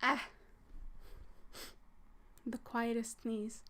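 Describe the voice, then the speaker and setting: A woman hosting a casual livestream chat as a hypnosis content creator, soft and teasing, often dropping into a whisper. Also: a little high, little pitch movement, drawn-out words.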